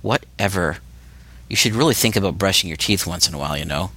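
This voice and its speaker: A man voicing a defiant, sharp-tongued young goth woman held captive, speaking bluntly with scorn and curses. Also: sits low, expressive, quick pace, no room sound, full character voice. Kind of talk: audiobook character reading.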